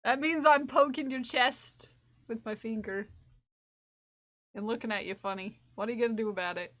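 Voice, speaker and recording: A woman's voice: a little high, normal speed, fairly bright tone. A woman streamer chatting casually while crocheting, repeating her own phrases to herself as she works.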